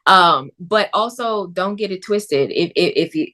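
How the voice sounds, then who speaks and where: A woman actress talking about her film role in a casual interview, telling stories in an expressive, animated way. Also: lowish voice, unhurried.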